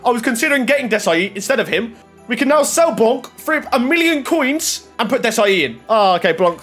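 A young man giving casual pack-opening commentary, swinging from muttering to excited shouting. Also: very high voice, quick pace, breathy edge, faint music behind. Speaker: gaming YouTuber. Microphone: desk microphone.

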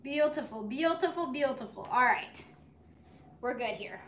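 Bubbly high-voiced woman chatting. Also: lively intonation, a little slow, fairly bright tone, slight background noise. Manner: bubbly, chatty, talks to viewers and her dog. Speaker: cooking livestream host. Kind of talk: casual live cooking chat. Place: home kitchen. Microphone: phone on a tripod.

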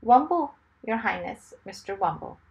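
A woman voicing a fussy, easily flustered little man who sputters out excited exclamations. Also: medium pitch, moderate pace, gravelly.

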